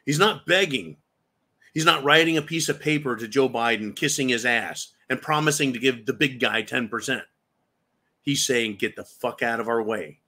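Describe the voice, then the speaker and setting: An angry man hosts a political commentary show, ranting with heavy profanity and rhetorical questions. His voice is medium-pitched, bright and forceful.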